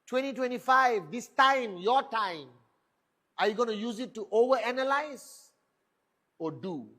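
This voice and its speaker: A man's voice: very high-pitched, expressive, measured pace, sharp tone. A middle-aged man giving a motivational stage talk, firing rhetorical questions and boasting. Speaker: motivational speaker at a network marketing event.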